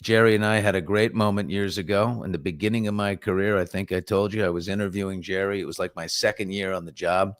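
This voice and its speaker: A middle-aged man from New York with a New York accent, hosting a morning chat show and telling stories in an animated, casual way. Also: low voice, fast, few pauses, no room sound. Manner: animated storyteller, reads viewer comments aloud.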